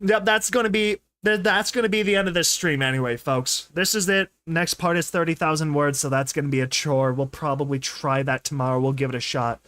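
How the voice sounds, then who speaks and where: A young man doing excited, rambling commentary on a live stream, laughing often and calling his viewers dude and bro. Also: fairly high pitch, fairly quick, few pauses, dry recording. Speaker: streamer reading a story with commentary.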